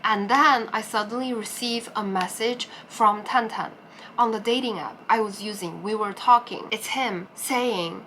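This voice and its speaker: A young woman vlogger telling a personal story in a casual, animated way, acting out her own reactions. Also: medium pitch, measured pace, slight background noise.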